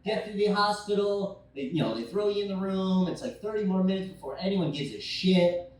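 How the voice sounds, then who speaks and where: A young adult man telling a rambling, profane stand-up story, acting out scenes with sudden shouted quotes. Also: high voice, lively intonation, brisk. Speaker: stand-up comedian. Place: bar stage. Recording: echoey bar room from far off.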